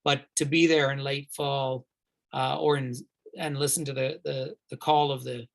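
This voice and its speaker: A man's voice: mid-range voice, little pitch movement, moderate pace, creaky. A man who guides tours, answering viewer questions live in a chatty, rambling way with many fillers and restarts. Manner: enthusiastic, recommends warmly. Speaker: tour guide hosting a virtual tour.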